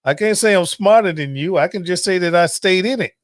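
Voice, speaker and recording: A man's voice: high voice, fairly quick, hardly any pauses, no echo, clean studio sound. A middle-aged man, host of a cooking channel, ranting casually and profanely to camera. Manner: profane, animated, preachy.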